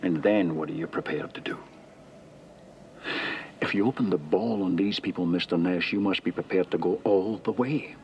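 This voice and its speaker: A gruff veteran cop, low voice. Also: male voice, moderate pace, dull audio, slight background noise. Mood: intense. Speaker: film character. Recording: film clip, distant with background ambience.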